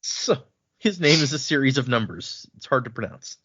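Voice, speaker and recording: A man hosting a casual book podcast, recapping chapters and slipping into quick voices for the characters. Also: medium pitch, expressive, noisy background. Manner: retells scenes with quick put-on voices for characters. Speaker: podcast host. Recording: dull lo-fi audio.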